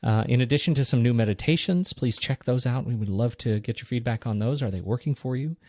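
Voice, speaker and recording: A man co-hosting a podcast, giving supportive replies and briskly wrapping up the show. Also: medium pitch, a little mellow, no room sound, studio quality. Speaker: podcast co-host. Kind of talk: casual podcast chat and show outro.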